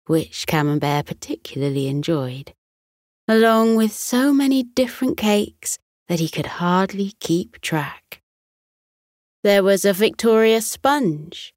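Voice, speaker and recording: A British woman narrating a children's bedtime story in a soft, soothing manner. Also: medium pitch, expressive, takes it slowly, no echo, clean studio sound.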